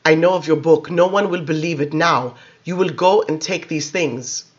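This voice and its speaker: A man reading aloud, voicing an ancient male vampire in a young boy's form who speaks slowly, gently and with contempt. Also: on the high side, lo-fi sound, lightly acted. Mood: contemptuous.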